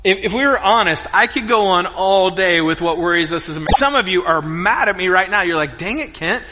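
A middle-aged man preaching a sermon as the pastor, telling a story in an animated way with acted-out quotes and yelps. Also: high-pitched, fairly quick. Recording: reverberant hall.

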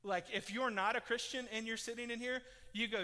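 A man preaching a sermon as a pastor, telling the story with lively swings from loud emphasis to hushed tones. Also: very high-pitched, a little fast. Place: church hall. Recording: long hall reverb.

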